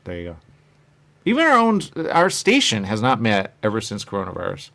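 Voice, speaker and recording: A man's voice: fairly low pitch, huge pitch swings, a little fast, gravelly, bright, forceful tone. A man hosting a show, chatting casually and rambling from point to point, often acting out what other people say. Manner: meandering, chatty, acts out quoted voices. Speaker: show host.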